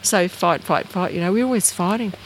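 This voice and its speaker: A woman's voice: fairly quick, slight background noise. An Australian woman from Bathurst Island telling personal stories in an interview, rambling with fillers and acting out the voices of people she quotes. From Bathurst Island, northern Australia. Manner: animated, acts out quoted voices with big pitch jumps; rambling, many fillers and restarts. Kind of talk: casual storytelling.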